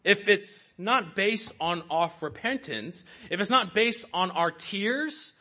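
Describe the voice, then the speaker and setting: A man's voice: high-pitched, animated, slow, sharp tone. A man preaching a sermon in an earnest, rhetorical way, calling his listeners saints.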